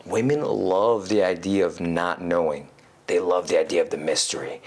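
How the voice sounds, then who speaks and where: A man talking as a podcast guest in casual conversation, animated and swearing casually, peppering his talk with "you know". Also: low voice, normal speed, slight background noise. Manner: animated, acts out quoted inner voices.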